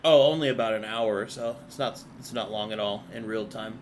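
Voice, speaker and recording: A man's voice: fairly low pitch, fairly quick, a little hiss or hum. A man running an online tabletop game as game master, talking casually, thinking aloud with fillers and the odd swear.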